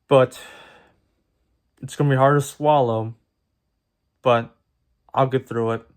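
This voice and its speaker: A man's voice: medium pitch, steady tone, clean tone. Tearful, stammering man vlogging. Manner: halting, stammering with repeated words. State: tearful, emotional. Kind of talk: personal vlog talk to camera.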